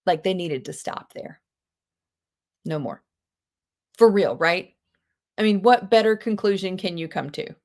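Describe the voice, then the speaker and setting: Chatty teacher on a video call. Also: female voice, on the low side, a little slow, pauses often. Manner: lively, chatty, gasps with delight, quotes movie lines in put-on voices. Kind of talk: live online class, casual teaching.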